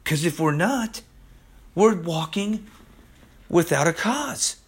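A man's voice: a little high, expressive, takes it slowly, slightly rough. A man preaching a podcast sermon, urgent and pleading, who keeps repeating "listen" to his listeners. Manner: impassioned, pleading.

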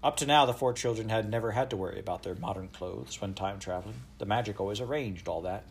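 A man's voice: on the low side, quick pace, vocal fry, slight background noise. A man reading a children's novel aloud, expressively giving voice to each child's lines. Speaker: audiobook narrator. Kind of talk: storybook read-aloud.

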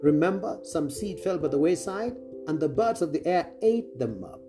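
A man's voice: fairly high pitch, expressive, normal speed. A man preaching a sermon to an online audience. He talks emphatically, repeats key phrases and often checks in with listeners. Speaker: preacher, apostle. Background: guitar music.

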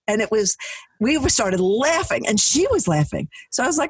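Husky-voiced woman podcast host. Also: mid-range voice, normal speed, no room sound. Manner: animated storyteller, acting out quotes. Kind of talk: casual chat. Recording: dry, mic a bit distant.

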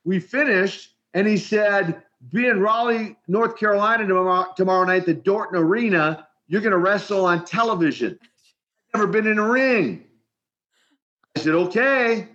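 An older man from Minneapolis, an animated storyteller who often repeats words as he starts his sentences in an interview. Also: sits high, normal speed. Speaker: retired wrestler guest. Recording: dull lo-fi sound.

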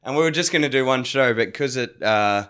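A man's voice: mid-range voice, brisk, a loud crowd. A joking Australian man, a guest musician, in casual podcast chat. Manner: joking, playful.

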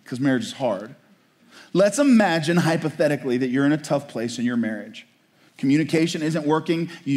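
A man's voice: mid-range voice, a little mellow. A man preaching a sermon in a conversational way, often asking his listeners "right?". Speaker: pastor.

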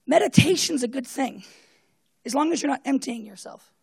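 A woman with a husky, slightly high voice delivers a sermon in a storytelling way. She swings from loud bursts down to hushed, near-whispered tones and acts out the voices in the story. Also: expressive, normal speed. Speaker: preacher.

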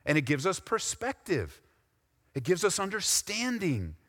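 Bright-voiced preacher in a reverberant hall. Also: male voice, high-pitched, wildly swooping pitch, unhurried. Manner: swings from loud exhortation to quiet intensity. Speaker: pastor. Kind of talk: sermon.

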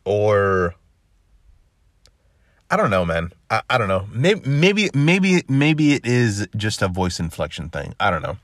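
A man's voice: moderate pace, hardly any pauses, no echo, studio quality. A man hosting a solo podcast, talking casually in a rambling, profane way, full of restarts and "dude.". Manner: lively, swinging pitch up and down. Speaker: podcast host.

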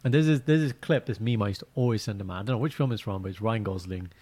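A man chatting casually as a podcast co-host, telling stories and acting out quotes in lively voices. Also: fairly low pitch, racing. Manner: animated storyteller, acts out quotes. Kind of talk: casual chat.

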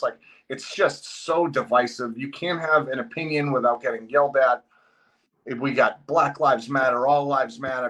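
Male guest, casual rant, blunt and profane, mid-pitched voice. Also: fairly bright tone, low-quality recording. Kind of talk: casual chat.

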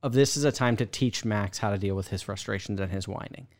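A man's voice: lowish voice, fast, darkish tone. A man in his thirties co-hosting a casual podcast chat, talking in rambling sentences with frequent restarts. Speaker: podcast co-host.

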